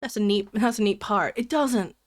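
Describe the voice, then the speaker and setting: A woman's voice: mid-range voice, moderate pace, dry recording, studio quality. A young woman streamer chatting casually with her chat, rambling and giggling between jokes.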